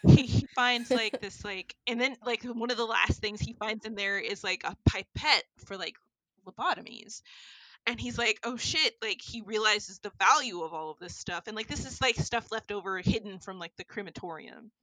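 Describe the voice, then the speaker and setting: Animated woman retelling a story. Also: medium pitch, normal speed, no echo, poor audio. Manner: animated storytelling, many fillers. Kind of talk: casual chat recapping a film.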